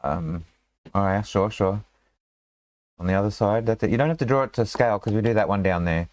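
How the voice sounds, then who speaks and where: Man, game master, low voice, dry close sound, rambling casual talk. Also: a little fast, a little mellow, no echo. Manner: rambling, lots of fillers and restarts. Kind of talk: casual tabletop game session.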